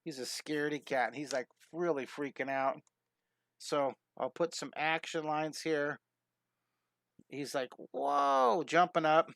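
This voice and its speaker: A middle-aged man hosting a live-streamed drawing lesson, chatty and enthusiastic, greeting viewers and making quick cat sounds as he draws. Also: on the high side, steady tone, fairly bright tone, dry recording.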